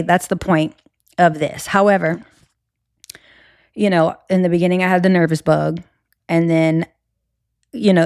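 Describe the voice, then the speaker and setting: A woman's voice: lowish voice, a little mellow, clean tone, no room sound, studio quality. A young woman with a Cajun accent hosting a solo podcast, talking candidly with lots of fillers and restarts. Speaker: podcast host.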